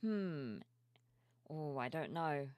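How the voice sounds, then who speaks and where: A sleepy woman streamer chatting softly and cheerfully with her viewers at home, reading their messages aloud. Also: sits low, lively intonation, very slow, no room sound. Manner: soft-spoken, cheerful, reads chat aloud. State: sleepy, yawning. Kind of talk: casual live-stream chat. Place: home room with plushies.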